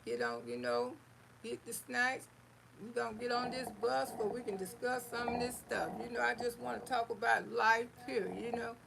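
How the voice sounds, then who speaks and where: A woman's voice: on the high side, lively intonation, moderate pace, vocal fry, background noise. A woman from Florida hosts a casual livestream, reading viewer comments in a folksy, affectionate way and calling listeners honey, sugar and baby. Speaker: livestream host.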